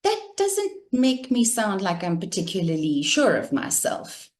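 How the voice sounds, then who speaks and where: A woman communication coach giving an instructional talk in a measured, deliberate cadence, demonstrating intonation with her own voice. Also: mid-range voice, wildly swooping pitch, a little mellow.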